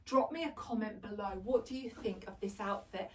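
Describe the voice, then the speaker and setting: A middle-aged woman, a fashion vlogger, chats casually through a clothes try-on haul at home in a mid-range voice at a moderate pace. She gushes, laughs often, and jokes about herself, and the distant mic picks up slight background noise.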